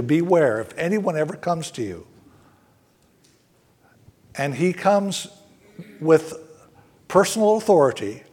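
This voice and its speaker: A man's voice: a little high, a little mellow, husky. A male pastor preaching a sermon to a congregation in a church, with earnest, emphatic rises on key words. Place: church sanctuary.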